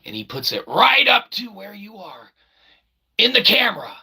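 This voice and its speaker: A man hosting his own vlog, chatting casually and rambling, joking and breaking into loud exclamations. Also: high-pitched, moderate pace, breathy edge. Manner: animated, jokey, bursts of loud exclaiming. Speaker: independent developer and channel host.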